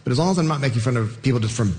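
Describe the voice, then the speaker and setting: A man's voice: medium pitch, animated, rapid-fire, a little mellow. A man on a comedy panel who speaks reflectively and lets his sentences trail off. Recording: reverberant hall.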